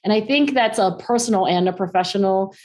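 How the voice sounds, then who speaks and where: A middle-aged woman as an interview guest, talking in casual, animated conversation and laughing easily as she acts out quoted voices. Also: mid-range voice, brisk.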